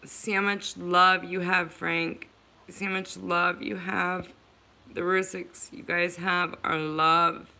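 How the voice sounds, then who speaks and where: A woman's voice: fairly low pitch, flat delivery, takes it slowly, pushed and bright. A woman hosting a livestream, speaking earnestly and emotionally to her viewers, repeating herself as she offers support. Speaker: livestream host.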